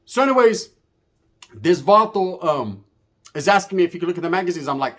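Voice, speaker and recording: A man's voice: on the high side, expressive, fast, fairly bright tone. A man casually telling a story from his time in prison, in profane street slang and with knocking sound effects. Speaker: storyteller recounting prison life.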